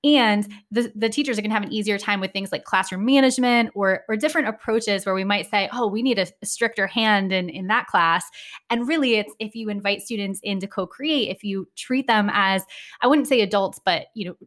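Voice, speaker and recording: A woman speaking as an interview guest, explaining her ideas in a clear, lively, conversational way with occasional restarts. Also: mid-range voice, fairly quick. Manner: articulate, lively, thinks aloud with restarts. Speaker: education consultant guest.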